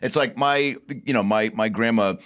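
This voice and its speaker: A man's voice: medium pitch, moderate pace, fairly bright tone, smooth. A man who is a touring comedian, a guest on a podcast, telling rambling anecdotes in casual chat.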